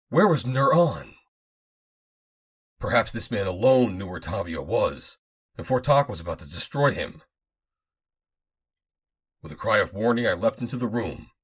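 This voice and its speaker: A man reading a first-person adventure audiobook aloud, in a dramatic, expressive manner. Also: fairly low pitch, husky. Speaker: audiobook narrator.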